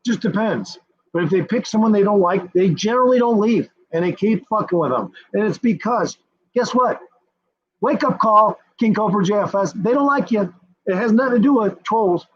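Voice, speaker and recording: A man with a high-pitched, husky voice rants in combative, foul-mouthed streamer commentary, repeating his points again and again. He is animated and talks at normal speed, and the recording sounds dull and lo-fi.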